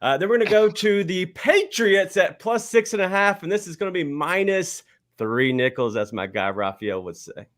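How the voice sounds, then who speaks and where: A man reads his betting picks loosely and casually, with a few fillers along the way. His voice sits a little high for a man. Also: animated, normal speed, a bit bright. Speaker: show panelist.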